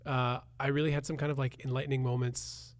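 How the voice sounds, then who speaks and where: A man's voice: mid-range voice, little pitch movement, a little fast. A man co-hosting a podcast, talking playfully and reflectively in casual chat. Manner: playful, talks thoughtfully with fillers. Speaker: podcast co-host.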